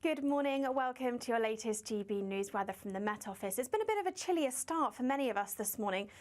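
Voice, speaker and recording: A woman presenting a scripted weather forecast in a brisk, bright forecaster delivery. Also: fairly high pitch, animated.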